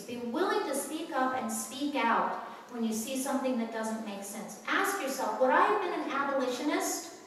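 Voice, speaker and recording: A woman's voice: a little high, a little hiss or hum. A woman giving a public talk to an audience, telling stories earnestly with frequent fillers. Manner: earnest, storytelling with many fillers. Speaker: speaker at a lecture. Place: large echoey hall. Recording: echoey hall, voice from far off.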